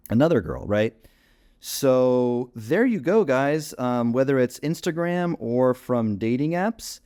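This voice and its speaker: A man's voice: lowish voice, darkish tone. Casual filler-heavy man teaching on screen. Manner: casual, filler-heavy, talks while clicking through screens. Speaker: dating coach. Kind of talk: screen-share tutorial.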